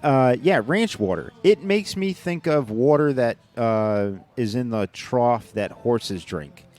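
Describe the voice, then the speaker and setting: A man's voice: medium pitch, lively intonation, slow, darkish tone, soft background music. A man co-hosting a podcast in casual chat, rambling with frequent restarts and dry jokes. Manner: joking, sarcastic. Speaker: podcast co-host.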